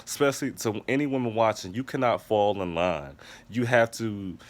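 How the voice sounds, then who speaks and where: A man's voice: fairly low pitch, normal speed. Emphatic, profane man reviewing TV. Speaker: TV episode reviewer. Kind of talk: casual recap and review monologue.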